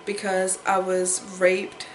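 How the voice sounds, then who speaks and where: A woman's voice: mid-range voice, completely flat delivery, takes it slowly, slight background noise. Upset young woman vlogging in echoey room. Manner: upset, repeats herself, fighting tears. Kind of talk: emotional personal vlog.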